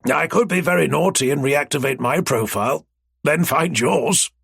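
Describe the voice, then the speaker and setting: A man's voice: a little high, normal speed, creaky, a bit bright, slightly rough, no room sound, clean studio sound, voice pushed up, heavily acted. A man voicing a mischievous older man who teases and splutters with barely held laughter. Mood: teasing.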